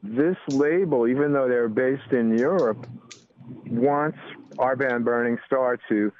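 Over a tinny phone line, the same older American musician talks slowly in a medium-pitched voice. His casual interview chat wanders, packed with "you know" fillers.

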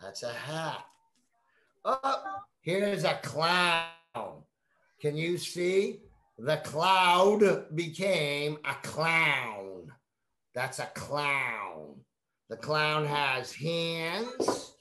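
A woman teaching young children, reading a picture book aloud in a slow, coaxing way and prompting them to repeat words. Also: deep voice, sing-song, a bit bright. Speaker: kindergarten teacher.

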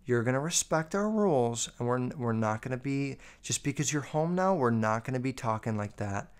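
A man putting on the voice of a strict middle-aged mother who lectures in a slow, hushed, disapproving way. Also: mid-range voice, lively intonation, clean tone, natural voice. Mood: stern.

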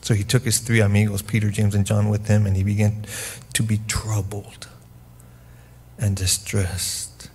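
A man preaching a sermon as pastor, speaking in an intimate, hushed way that sinks to whispers and then swells into forceful emphasis. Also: fairly low pitch, level tone, unhurried, slight background noise. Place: church.

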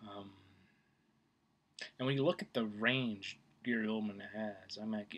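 A man's voice: lowish voice, pushed and bright, slightly rough. A man talking casually to camera about his favorite actor, rambling with many fillers and restarts. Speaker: film vlogger. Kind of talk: casual opinion talk.

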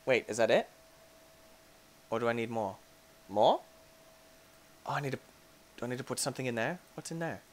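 A man giving excitable let's-play commentary as he reviews a game mod, playfully talking to game objects and breaking into sudden jokey shouts. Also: mid-range voice, normal speed, long pauses.

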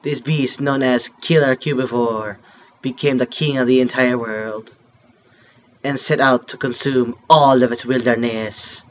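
A man voicing a solemn creature telling a creation myth, in a hushed, dramatic delivery with a mock French accent. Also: medium pitch, fairly even intonation, unhurried, highs cut off, a little hiss or hum, pitched below the performer's own voice, lightly acted. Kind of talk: reading game text aloud.

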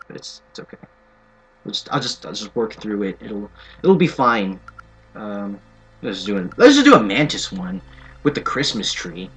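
A man's voice: on the low side, sing-song, normal speed, a bit bright. A young man giving playful, sarcastic commentary while playing a shooter game. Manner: playful, sarcastic, jokey asides. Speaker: gaming commentator. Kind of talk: let's play commentary. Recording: faint game music behind.

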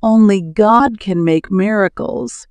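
A woman voicing a discontented, wistful young wife in a slowly read storybook. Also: mid-range voice, a little mellow, clear, resonant tone, dry recording, highs cut off, lightly acted.

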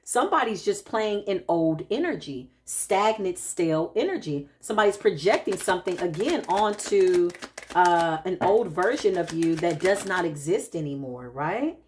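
A woman's voice: on the low side, lively intonation, normal speed, a little mellow, a little hiss or hum. A woman giving a casual spiritual tarot reading, talking straight to her viewers in a chatty way with frequent tag questions. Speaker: intuitive spiritual reader.

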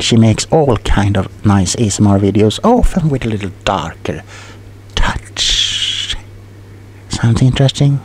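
In a whispered ASMR role-play, a man with a lowish voice plays a rambling, scatterbrained tingle salesman who keeps tripping over his words. His soft whisper comes with a slight hiss or hum.

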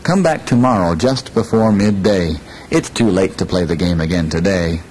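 A small, careful crab from a storybook tale, polite and a little jittery, voiced by a male storyteller. His voice stays fairly low, with a faint rumble behind it. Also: normal speed, darkish tone, natural voice, poor audio. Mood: cautious. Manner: polite, nervous and cautious.

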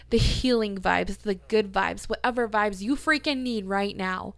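Gushing, tearful woman with a gravelly edge. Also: medium pitch, measured pace, fairly bright tone, no room sound. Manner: gushing, tearful, swears casually. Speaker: podcast host. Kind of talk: emotional self-help chat with affirmations.

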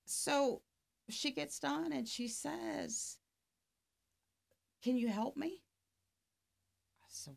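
A woman's voice: a little high, expressive, slow pace, vocal fry, long pauses. A middle-aged woman, a life coach, telling a story in casual conversation and acting out both sides of the dialogue. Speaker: podcast guest, life coach.

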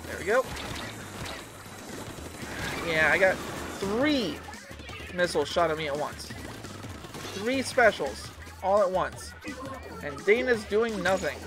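This gaming streamer talks slowly with frequent pauses, her fairly low voice carrying lively intonation. She keeps up a chatty running commentary on an online match, reacting aloud as she plays while game music runs in the background.

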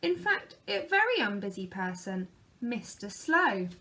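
A woman reading a children's picture book aloud in a lively, expressive way. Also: medium pitch, measured pace. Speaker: storyteller.

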